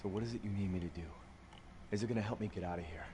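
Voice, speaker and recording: A man's voice: low voice, racing, background noise, natural voice. An actor voicing a trapped man who fires clipped questions as he presses for answers. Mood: pressing.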